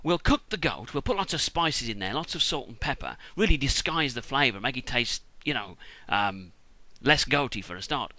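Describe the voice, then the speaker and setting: A man's voice: medium pitch, lively intonation, moderate pace, pushed and bright, no echo. A British man voicing a shrewd, scheming mother who swears when her plan goes wrong. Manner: sweary, exasperated. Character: shrewd scheming mother, middle-aged woman.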